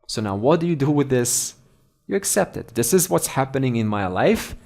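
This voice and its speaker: A man's voice: medium pitch, sing-song, moderate pace, gravelly, a little mellow. A man teaching a spiritual lesson through a story, conversational and asking his listeners questions. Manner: conversational, asks the audience questions. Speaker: Vedanta teacher.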